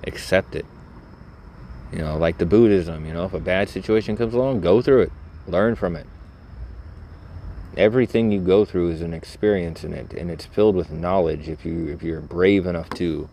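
A middle-aged man talks in a very deep, low voice, rambling bluntly and cynically with plenty of fillers and the odd curse. He records a casual vlog from inside a vehicle. A faint hum of the road sits behind him. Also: darkish tone. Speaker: vlogger.

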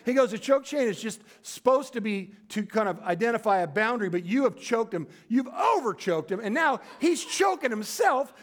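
A male pastor preaching a sermon in a storytelling way, acting out quoted voices and dropping to a quiet, low voice for emphasis. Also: big pitch swings, normal speed, few pauses.

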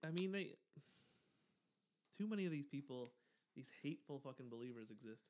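A man co-hosting a podcast in casual chat, wry and quick to laugh. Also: medium pitch, lively intonation, a little mellow. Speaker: podcast co-host.

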